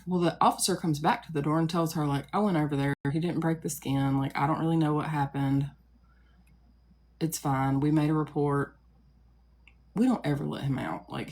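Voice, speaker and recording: Low raspy-voiced woman venting on a live stream, rambly, lots of "like"s. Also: a little mellow. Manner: rambling, with many likes and asides. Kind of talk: casual storytelling to a live audience.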